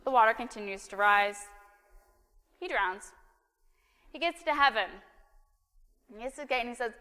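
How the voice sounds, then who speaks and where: A woman's voice: a little high, normal speed, long pauses, sharp tone, big-room sound. A woman preacher giving a sermon in a church, talking in a casual, joking, conversational way. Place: church sanctuary.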